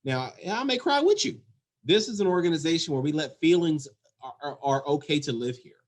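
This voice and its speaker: A man's voice: a little high, big pitch swings, a little fast. A man who runs an emergency call center, giving an earnest, emphatic leadership talk and repeating his key points. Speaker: 911 center executive director.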